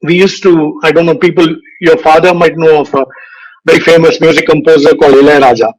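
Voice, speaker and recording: An older man with a slightly raised pitch speaks to students. He tells career stories in an unhurried, lecturing way and draws simple lessons from them. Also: fairly even intonation, low-quality recording. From India. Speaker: guest speaker, advertising veteran. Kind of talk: motivational speech with anecdotes. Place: virtual event recording.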